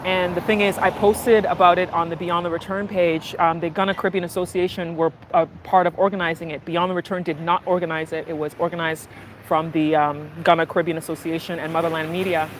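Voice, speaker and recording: A woman vlogger chatting casually while riding in a car, telling stories in a lively way. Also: fairly low pitch, a little fast, slight background noise. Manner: animated storytelling, acting out market sellers and her mother. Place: inside a moving car.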